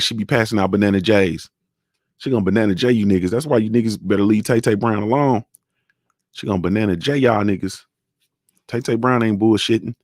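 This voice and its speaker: A young man hosts a casual boxing talk stream, rambling through stories in loose, profane slang. His voice sits low. The sound is dry and close, with no room echo. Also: gravelly. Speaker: show host.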